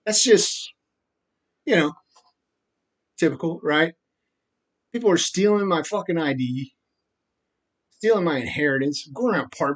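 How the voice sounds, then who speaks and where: Man vlogger, rambling profane rant, agitated, slightly higher voice, frequent "right?". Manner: frequent laughs and repeated "right?". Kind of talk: rambling monologue.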